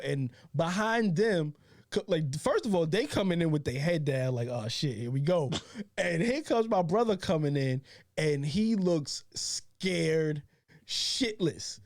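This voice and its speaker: This podcast co-host has a high voice with a darkish tone, recorded dry with clean studio sound. In casual storytelling chat, he swears a lot and mimics his friends' voices.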